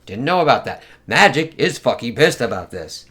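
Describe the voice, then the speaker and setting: A man's voice: mid-range voice, sing-song, normal speed, fairly bright tone. Swearing comic reviewer guy, rambly, voice goes up and down a lot. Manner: profane, rambling, with many "it's like" fillers. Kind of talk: casual review commentary.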